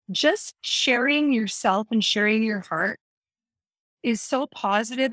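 A woman's voice: medium pitch, fairly bright tone, dry recording. Earnest, encouraging woman on a dry mic. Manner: earnest and encouraging, stresses key words. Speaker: wellness speaker. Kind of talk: casual health talk.

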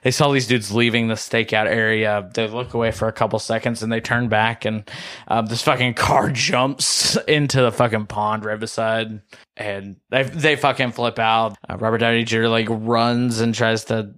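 A man's voice: on the low side, little pitch movement, normal speed, a bit bright. A man in casual podcast chat, retelling movie scenes in a rambling, profane way.

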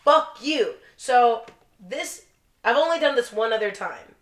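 A woman's voice: a little high, animated, unhurried. A young woman co-hosting a podcast, telling a blunt, profanity-heavy story in casual chat. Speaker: podcast co-host. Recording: roomy echo.

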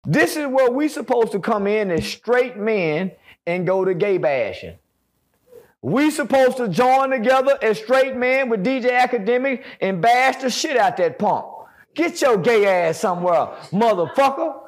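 A man taunts and boasts in crude comedic banter. His voice sits very high for a man, and his pitch swings animatedly through each line. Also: very animated, a little slow.

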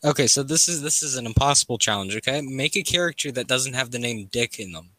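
Animated, joking male podcast co-host. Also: mid-range voice, quick pace, no echo. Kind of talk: casual chat.

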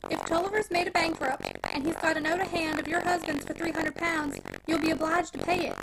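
Woman reading as a gentle, plain-spoken old uncle. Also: very high voice, wildly swooping pitch, fairly quick, heavily acted. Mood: gentle, reasoning. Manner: gentle, reasoning, homespun. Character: older uncle, mild-mannered, plain-spoken man. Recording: noisy home recording.

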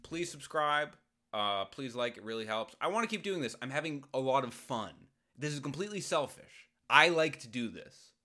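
Hosting a solo advice podcast, a man with a bright, forward, medium-pitched voice talks at normal speed with lots of expression. He rambles and jokes through a listener's question, breaking into sudden loud outbursts.

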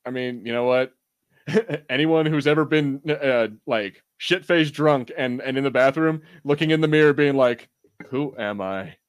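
A man's voice: a little high, steady tone, normal speed, smooth, no echo. A young American man co-hosting a podcast in casual chat, laughing often and swearing casually. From United States. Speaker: podcast co-host.

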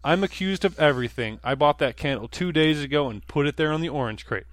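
A man's voice: fairly high pitch, lively intonation, fast talker, dry recording, voice pushed up, lightly acted. A man reading a snarling, crude teenage bully's lines aloud with a slightly raised voice. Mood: defensive.

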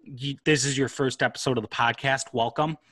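Profane ranting podcast host. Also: male voice, medium pitch, steady tone, a little fast, pushed and bright. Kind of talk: casual podcast chat. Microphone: laptop mic.

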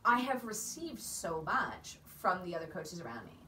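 A woman's voice: lowish voice, sing-song, moderate pace, sharp tone. A woman riding coach chatting casually on a podcast, explaining things in depth and laughing often. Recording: roomy, distant mic, faint background noise.

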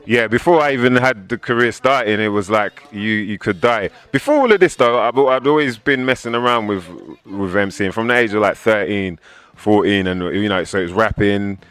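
A man in his thirties from England, a rapper, talks casually in an interview, animatedly telling stories and acting out the voices of people he quotes. His voice is lowish and smooth, at a normal speed.

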